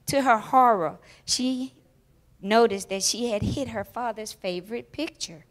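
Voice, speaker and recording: A woman telling a children's story aloud during a church service, with expressive, emotional storytelling. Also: fairly high pitch, measured pace.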